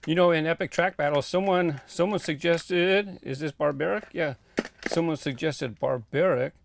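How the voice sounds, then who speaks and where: A man's voice: on the high side, normal speed, vocal fry, a little hiss or hum. A man casually walking through his toy car collection, rambling and thinking aloud with lots of fillers. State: out of breath. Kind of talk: casual walk-through vlog. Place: home warehouse room.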